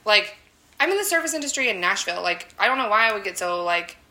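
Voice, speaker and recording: A woman's voice: mid-range voice, big pitch swings, fast, bright, forceful tone, poor audio. A woman in her thirties co-hosting a podcast, talking loosely with lots of fillers and swearing. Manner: loose, rambling, swears often, many fillers. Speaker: podcast co-host. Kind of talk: casual podcast chat.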